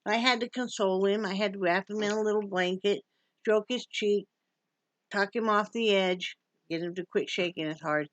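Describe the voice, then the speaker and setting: A woman's voice: medium pitch, moderate pace, dry recording. A woman from Wyoming in a casual home vlog, chatty and joking and cooing at her dog. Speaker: vlogger. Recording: dull lo-fi sound.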